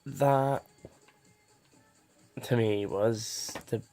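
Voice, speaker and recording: A young man telling a personal story to camera, halting with many restarts and fillers. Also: mid-range voice, vocal fry, mellow, faint music behind. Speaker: vlogger.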